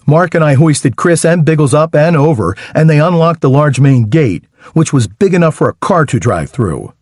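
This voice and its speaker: A man narrating a first-person audiobook in a wry, lively storytelling manner with dry humor. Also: fairly high pitch, normal speed, no echo.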